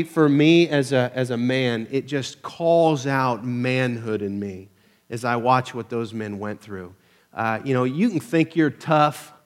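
A man preaching a casual, conversational sermon to his church, peppered with "uh" fillers and self-deprecating humor. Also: mid-range voice. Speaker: pastor.

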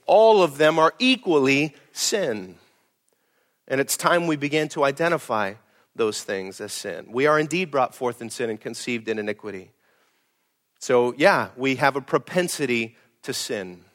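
A middle-aged man, a pastor preaching a sermon in a blunt, emphatic way, swinging from loud to hushed. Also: mid-range voice, lively intonation, a little slow.

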